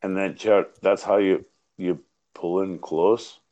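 A man's voice: sits low, fairly even intonation, slow, dark tone, lo-fi sound. A man co-hosting a live podcast, rambling, joking and swearing in loose casual banter. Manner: rowdy, profane, rambling, joking. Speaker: podcast co-host.

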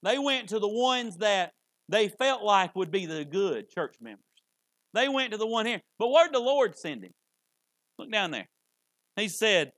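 A man's voice: sits high, very animated, normal speed, fairly bright tone, dry recording. A male preacher delivering a folksy sermon, often repeating words as he restarts. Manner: folksy, repetitive, stammers on restarts.

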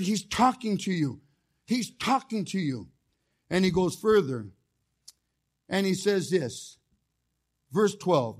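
High-voiced fiery male preacher. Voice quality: folksy storytelling with jokes. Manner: fiery, call-and-response preaching, rising to shouts. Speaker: chaplain preaching as guest speaker. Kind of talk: sermon.

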